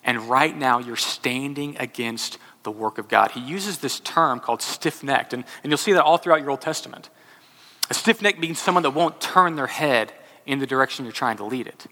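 A man's voice: medium pitch, normal speed, sharp tone. A man from Texas preaching a sermon, telling a self-deprecating personal story in a casual, conversational way. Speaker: pastor. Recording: long reverb from a large hall.

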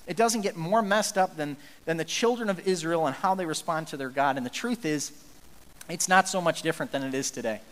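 High-voiced animated pastor in a hall. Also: male voice. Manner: animated storytelling, acts out quotes, jokey asides. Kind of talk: sermon.

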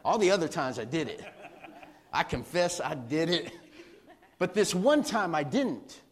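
High-pitched pastor guy, middle-aged, animated sermon story, acts out the quotes. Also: measured pace, breathy edge.

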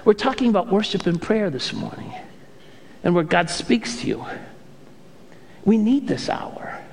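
A male pastor preaching a sermon with animated storytelling and playful impressions. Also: high-pitched, unhurried, gravelly, long reverb tail, a little hiss or hum.

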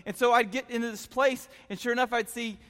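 A man preaching to young people, telling stories in a chatty, excitable way full of filler words. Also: very high-pitched, fairly quick. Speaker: youth pastor. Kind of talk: animated youth sermon storytelling. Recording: long reverb in a hall.

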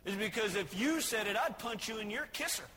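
A male pastor preaching in a church with a long reverb trailing each phrase and a faint hiss behind. His voice sits high and bright, and he mixes plain teaching with homespun, joking stories. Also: expressive, brisk. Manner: folksy, joking storytelling between points. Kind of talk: sermon. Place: church sanctuary.

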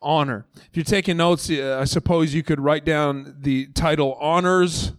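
A man in his thirties, serving as lead pastor, gives a conversational sermon from a church stage at a moderate pace, his voice on the high side. He's animated and acts out the story's voices in a dry recording.

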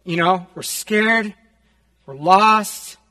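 A man's voice: high-pitched, drawn-out words, bright, forceful tone, long reverb tail. A male pastor preaching casually, telling a personal story with many fillers, in a church. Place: church sanctuary.

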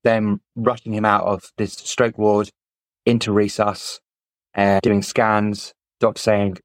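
Male podcast guest, low voice, candid storytelling, dry sound. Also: flat delivery, takes it slowly, dry recording, low-quality recording. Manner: candid, matter-of-fact retelling. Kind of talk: personal storytelling in an interview.

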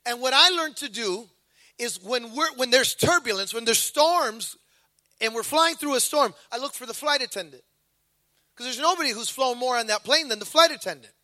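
A man preaching to his congregation in an animated, storytelling sermon, slipping into acted voices. His voice sits very high and bright, with a lively, swinging pitch. The sound is dry and close. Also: moderate pace, no echo.

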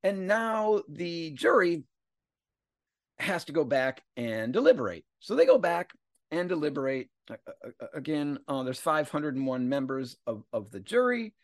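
A man's voice: fairly high pitch, moderate pace, dry recording, studio quality. A man hosting a casual philosophy podcast, explaining a text and playfully acting out the quotes. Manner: animated, paraphrases quotes in a playful voice. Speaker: podcast host.

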